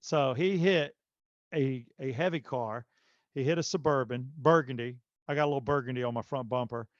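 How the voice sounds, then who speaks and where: A man hosting a podcast, telling a long story in a casual, animated way with lots of fillers. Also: mid-range voice, moderate pace, no echo, muffled recording. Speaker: podcast host.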